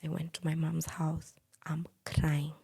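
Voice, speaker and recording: A young woman with a Kenyan accent tells her own story in an animated way, slipping into the voices of the people involved. Her voice is deeply husky and breathy, with a gravelly edge. It sits low and mellow. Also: measured pace. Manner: animated, quotes others in dialogue. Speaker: guest telling her story. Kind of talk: personal storytelling.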